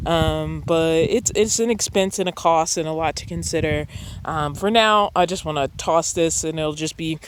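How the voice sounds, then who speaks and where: A woman talks casually at an outdoor desert campsite beside her van, rambling and often pausing with ums. The recording has clear, steady background noise around her voice. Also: deep voice. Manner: chatty, rambling, frequent ums. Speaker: van-dwelling vlogger. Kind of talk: casual chat.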